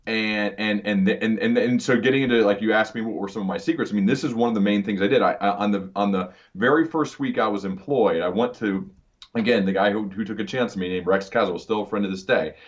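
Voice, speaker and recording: This podcast host has a lowish voice and a quick pace. He speaks earnestly in a conversational interview, often starting his words over, and the recording sounds dull and lo-fi.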